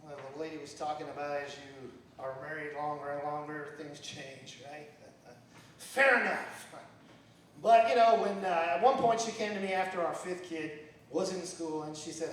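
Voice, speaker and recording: A man's voice: moderate pace, a little hiss or hum. A man in his fifties with a Southern American accent, telling wry stand-up stories at an open mic in a bar. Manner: wry storytelling with lively swings in pitch. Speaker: stand-up comic. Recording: echoey bar recorded from far off.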